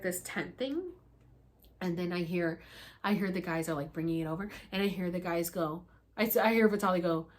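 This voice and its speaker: A young woman vlogger telling a story casually and animatedly, acting out her own pleas in high, loud bursts and swearing freely.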